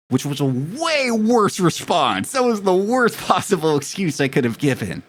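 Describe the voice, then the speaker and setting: A man's voice: high-pitched, sing-song, normal speed, hardly any pauses, a bit bright. A young man chatting casually with his live stream audience, telling rambling, profane, self-mocking stories.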